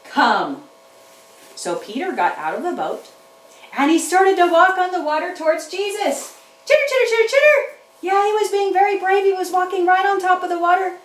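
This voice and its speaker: A woman teaching children's church, telling a Bible story to young kids in an animated way and chatting with her puppets. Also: very high-pitched, a little fast. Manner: animated, talks back to puppets. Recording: roomy room, mic at a distance.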